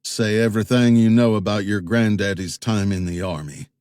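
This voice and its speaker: A man voicing a menacing backwoods boatman with a shotgun in an audiobook, with slow rural threats. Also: on the low side, fairly even intonation, a little mellow, smooth, no echo, studio quality, close to an everyday voice.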